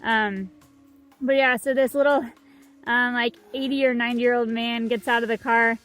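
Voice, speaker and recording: Young woman co-host, chatty and filler-heavy, higher voice. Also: steady tone, moderate pace, a bit bright, faint music behind. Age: young adult. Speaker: vlog co-host. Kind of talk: casual storytelling chat.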